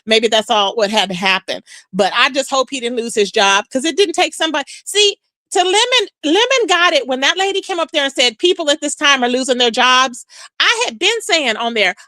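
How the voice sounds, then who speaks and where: A woman's voice: high voice, no echo. A woman hosting a live stream, chatting casually with viewers and reacting to comments with lots of "child". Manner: chatty, animated, says "child" often.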